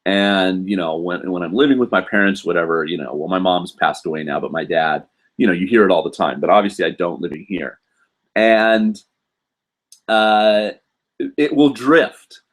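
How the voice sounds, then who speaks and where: A man's voice: low voice, moderate pace. A man hosting a casual live stream from home, chatting loosely with lots of fillers and restarts. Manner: rambling, many fillers and restarts.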